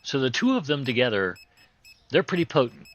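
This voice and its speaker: A man with a hoarse voice that is still recovering, hosting a video game playthrough with rambling, joking casual commentary in folksy, loose grammar. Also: medium pitch, big pitch swings, brisk, dull audio. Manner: joking, rambling, chuckles often. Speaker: host playing a video game.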